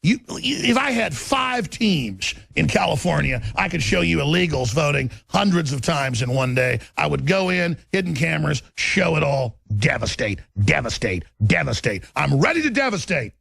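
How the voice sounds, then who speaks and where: A man's voice: on the high side, animated, moderate pace, vocal fry, few pauses, a bit bright, no echo. A middle-aged man hosting a talk show, ranting in heated political commentary with intense repetition.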